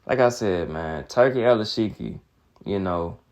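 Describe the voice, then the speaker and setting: Young guy w ranting hard, mocking, kinda low voice. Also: animated, normal speed, a little mellow. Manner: heated, mocking, repetitive. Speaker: boxing commentator. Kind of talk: casual commentary rant.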